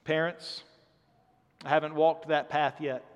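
A man's voice: fairly high pitch, little pitch movement, measured pace, smooth. Earnest man preaching in a reverberant hall. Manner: conversational, earnest, says "man" often. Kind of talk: sermon.

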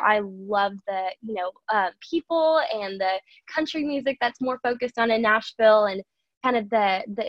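A young American woman with a Southern accent chats as a guest in a casual interview, bubbly and giggly and saying "y'all." Her voice is mid-range, and the audio is dull with no echo.

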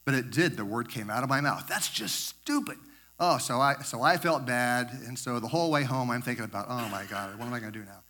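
Older man, grandfather type, bright clear tone, loose rambling sermon storytelling, stumbles and repeats. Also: mid-range voice, fast, few pauses. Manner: rambling, repeats words, self-correcting asides. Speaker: speaker sharing a devotional story.

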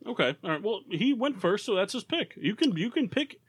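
A man's voice: high-pitched, very animated, fairly quick, breathy edge, no echo. Laughing man leading a sports podcast. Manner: laughs often, leads the segments. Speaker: podcast co-host. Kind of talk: casual chat among friends.

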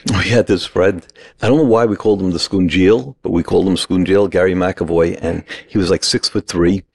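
A middle-aged man from New York, casually telling a lively anecdote and acting out the quoted lines. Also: low voice, a little fast, creaky, slightly rough. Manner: animated anecdote-teller, acts out quoted lines. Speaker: guest. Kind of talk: casual storytelling.

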